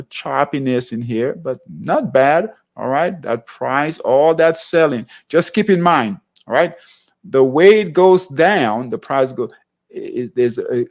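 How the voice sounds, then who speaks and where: A man hosting a live trading class, walking through charts in a conversational way and often checking in with his viewers. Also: medium pitch. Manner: conversational, keeps checking in with "all right?". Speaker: trading show host.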